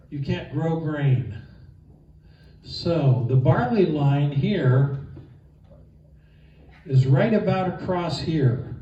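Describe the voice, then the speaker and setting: A man whose voice is on the high side and warm teaches a Bible geography class as an informal, enthusiastic, conversational lecture, using fillers. The recording has a little hiss or hum and comes from a distant mic in an echoey room, so it sounds dull.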